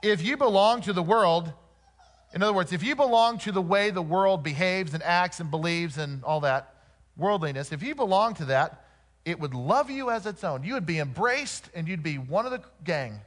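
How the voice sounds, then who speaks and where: A man preaching a sermon, reading scripture slowly and putting rhetorical questions to his congregation. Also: high-pitched, animated. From Oklahoma.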